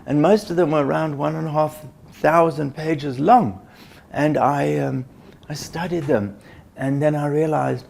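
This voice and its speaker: A man's voice: on the high side, a little slow, gravelly, a little mellow. An older man, a business educator, recounting in an anecdotal way how his work began, with restarts and acted-out dialogue. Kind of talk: reflective storytelling.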